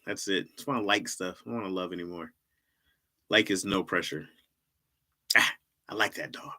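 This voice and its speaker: A man's voice: low-pitched, moderate pace, pushed and bright. A man hosting a livestream in casual chat, rambling and joking and laughing often. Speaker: livestream host.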